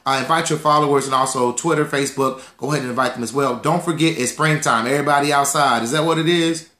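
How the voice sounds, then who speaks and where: A man's voice: mid-range voice, steady tone, fast talker, pushed and bright, reverberant. A man coaching viewers on money in a live stream, repeating key phrases and calling for responses like a preacher. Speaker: financial coach. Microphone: phone livestream.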